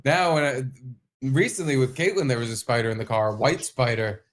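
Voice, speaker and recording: Man, podcast co-host, casual comedic chat, profane, animated storyteller. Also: mid-range voice, normal speed.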